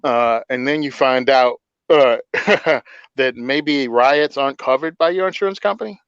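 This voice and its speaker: A man's voice: mid-range voice, measured pace, fairly bright tone, clean tone, no room sound, highs cut off. A man hosting a casual political chat, blunt and sarcastic, often laughing at his own points. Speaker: podcast host.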